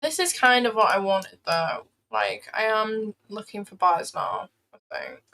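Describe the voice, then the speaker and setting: A woman's voice: medium pitch, animated, a little slow, sharp tone, rough recording. A young woman chatting casually on a livestream, playful and rambling as she reacts to her chat. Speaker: trading livestreamer.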